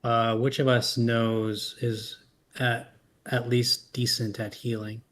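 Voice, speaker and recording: A man playing a tabletop role-playing game, thinking aloud with many pauses and fillers. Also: mid-range voice, flat delivery, fairly bright tone. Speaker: player.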